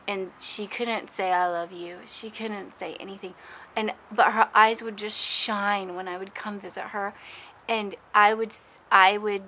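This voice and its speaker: A woman's voice: medium pitch, pushed and bright, slight background noise, low-quality recording. A middle-aged woman giving earnest personal advice to the camera, encouraging and faith-filled, often restarting her phrases. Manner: speaks in short bursts, restarting phrases. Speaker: lifestyle vlogger.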